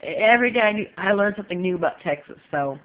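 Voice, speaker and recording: A woman's voice: medium pitch, lively intonation, fast talker. Woman from California, casual home vlogger, chatty and emphatic, muffled lo-fi sound. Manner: chatty, emphatic, leans on "you know". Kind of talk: casual opinion vlog. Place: home in Texas.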